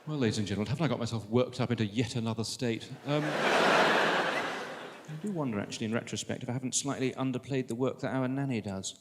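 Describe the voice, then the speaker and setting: A man's voice: medium pitch, a little fast. A middle-aged man doing stand-up, with self-mocking, exasperated storytelling. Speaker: stand-up comedian. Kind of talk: stand-up routine. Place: comedy stage. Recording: reverberant hall, background noise.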